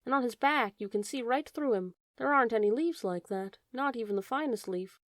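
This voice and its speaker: A woman's voice: on the high side, animated, brisk, no room sound, lightly acted. Lady reading as a curious polite little fawn, eager and full of wonder, storybook voice, dry sound.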